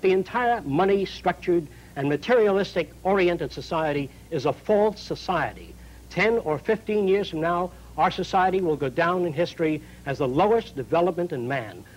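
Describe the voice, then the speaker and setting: A man giving a forceful, lecturing talk, recorded from an old radio broadcast. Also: sits high, animated, normal speed, poor audio.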